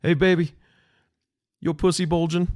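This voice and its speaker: Guy doing a grumpy panicky new dad, high squeezed voice, cussing and snapping. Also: level tone, moderate pace, a little mellow, lightly acted. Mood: annoyed, defensive. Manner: irritated, defensive, profane. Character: grumpy panicked young father on the phone.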